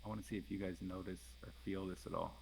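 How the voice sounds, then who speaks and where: A man narrating as game master in a tabletop game, halting with many fillers. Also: sits low, steady tone, gravelly, a little mellow, slight background noise, low-quality recording.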